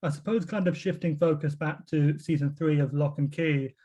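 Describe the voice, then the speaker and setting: A man's voice: a little high, fairly even intonation, moderate pace, warm tone. A British man interviewing a guest, asking long rambling questions in a casual way. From Britain. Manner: rambling questions, frequent murmured agreement.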